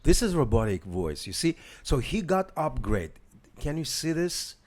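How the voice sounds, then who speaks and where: A man's voice: on the high side, sing-song, unhurried, darkish tone. A man hosting a casual live demo, hesitant, with many fillers and restarts while talking to viewers. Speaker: tech demo host.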